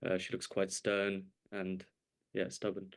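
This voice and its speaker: A man in a workshop giving a tentative, measured answer. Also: low voice, completely flat delivery. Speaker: workshop participant. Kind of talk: thoughtful answer. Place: workshop room.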